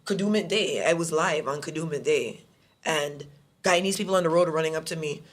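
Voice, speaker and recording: A man from Barbados with a Bajan accent, a podcast guest chatting casually and telling lively stories. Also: on the high side, brisk. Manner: animated storyteller, mimics other people's voices. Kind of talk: casual chat.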